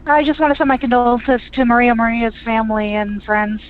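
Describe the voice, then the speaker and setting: A woman caller speaking in a soft, sympathetic way. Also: on the high side, flat delivery, fairly quick. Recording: tinny phone line.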